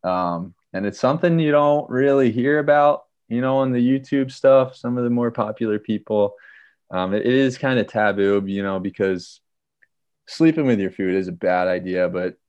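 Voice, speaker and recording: A man from Pennsylvania telling a hiking story in a casual, animated way, acting out the lines of people in it and using lots of fillers. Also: medium pitch, moderate pace, clean tone, dry recording, muffled recording. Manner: animated, acts out quotes, many fillers.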